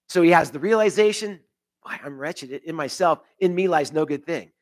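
A man's voice: fairly high pitch, moderate pace. Earnest man preaching a sermon. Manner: earnest preaching, swelling then dropping to soft emphasis. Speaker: pastor.

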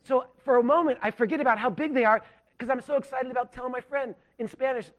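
A pastor from Southern California telling a self-deprecating story in a sermon, animated and full of restarts. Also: male voice, very high-pitched, quick pace. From Southern California, USA.

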